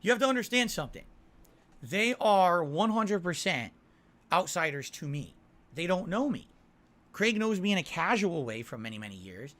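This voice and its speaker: A man hosts his own casual livestream, reading viewer messages and answering defensively, frequently tacking on "right?". His high voice is very animated and a bit bright, at a moderate pace.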